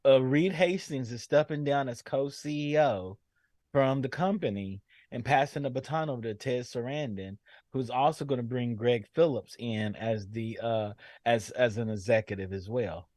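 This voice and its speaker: A man's voice: medium pitch, normal speed, darkish tone, no echo. A man co-hosting a podcast in casual chat, laid-back and slangy with a joking edge. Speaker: podcast co-host.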